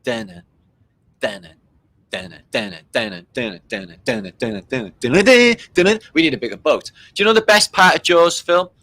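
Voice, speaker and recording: A man's voice: mid-range voice, sing-song, fairly quick, sharp tone, low-quality recording. A man hosting a livestream, making sarcastic jokes and slipping into silly voices. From Britain. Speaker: livestream host. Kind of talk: casual mocking commentary.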